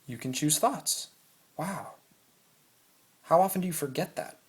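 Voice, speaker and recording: Speaking unhurriedly in a slightly high voice, a man gives a casual motivational talk to the camera from a room at home. As a self-help vlogger, he animatedly discusses choosing your thoughts and dramatizes anxious inner voices.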